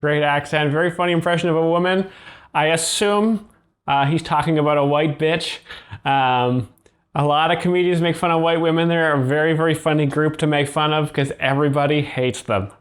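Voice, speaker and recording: A man hosting a commentary channel, delivering mock-serious, deadpan sarcasm with frequent ums. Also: a little high, fairly quick. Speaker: host of a comedy commentary channel.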